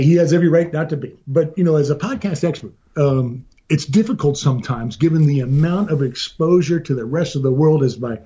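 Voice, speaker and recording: A man chats as a podcast guest in a husky, raised voice that runs quick and loose. He pokes fun at himself and swears now and then. The sound is dull and lo-fi. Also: a little high, warm tone. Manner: rapid, rambling and self-deprecating, with casual swearing. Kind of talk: casual chat.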